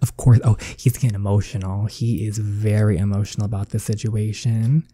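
A man with a deep, very mellow and husky voice, chatting playfully as he reads through a story game. The sound is close and dry, with no room around it. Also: flat delivery, moderate pace, no room sound. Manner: chatty, playful running commentary. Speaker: gameplay video creator. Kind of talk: reading and reacting to a story game.

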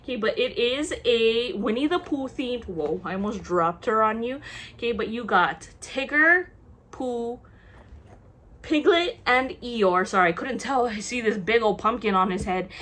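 A woman's voice: on the high side, lively intonation, unhurried, fairly bright tone. A young woman showing off handbags in a casual haul vlog, chatty and gushing, with many okays. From half Japanese. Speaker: vlogger showing a bag haul.

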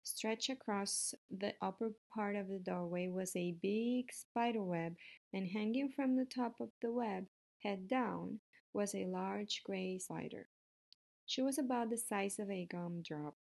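A woman reading a children's book aloud in a steady way, with the odd small slip. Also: mid-range voice, a little slow, creaky. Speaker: reader.

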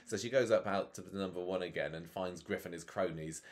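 Man, very deep voice, casual chat, jokey, podcast co-host. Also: fairly quick. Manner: chatty, jokey, laughs often. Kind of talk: casual chat recapping a soap.

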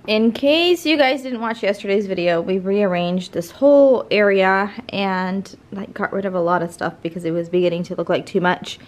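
A woman's voice: moderate pace, few pauses, slight background noise. A woman in her thirties chatting casually to her viewers in a home vlog, filming on her phone and cooing at the family dog. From California. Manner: chatty, talks to viewers and to the dog in a high sing-song baby voice. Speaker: family vlogger. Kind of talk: casual vlog chat to camera.

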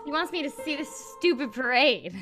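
A woman's voice: high voice, big pitch swings, moderate pace, over music. A woman voicing a sulky, bratty teenage girl who snaps back angrily. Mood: sulky, angry. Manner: bratty, snappish.

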